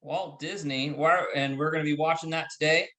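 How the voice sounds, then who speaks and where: A man's voice: fairly high pitch, little pitch movement, fairly quick, sharp tone, reverberant, low-quality recording. A man co-hosting a movie reaction, chatting casually and joking playfully. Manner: jokey, playful.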